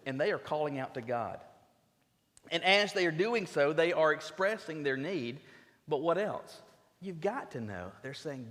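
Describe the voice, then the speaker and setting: A man preaching a sermon as a pastor, emphatic and earnest, often stumbling into quick restarts as he drives his points home. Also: fairly high pitch, animated, a bit bright. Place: church sanctuary. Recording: long reverb of a church sanctuary.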